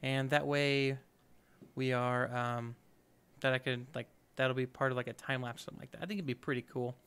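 A man's voice: mid-range voice, fairly even intonation, a little fast, fairly bright tone, clear, resonant tone. A man hosting a let's play, giving upbeat, chatty gameplay commentary and thinking aloud as he goes.

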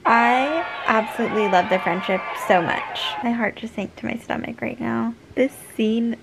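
A woman's voice: fairly high pitch, normal speed, vocal fry, noisy background. A young woman reacting to a TV finale, gasping and gushing over each scene. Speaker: reaction vlogger. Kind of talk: emotional TV reaction commentary.

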